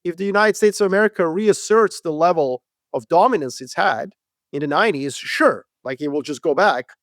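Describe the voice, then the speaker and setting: A man co-hosting a podcast, debating world affairs in an animated, profane, casual way. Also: on the high side, brisk, dry recording, clean studio sound. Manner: animated, profane, acts out quoted voices. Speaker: podcast co-host.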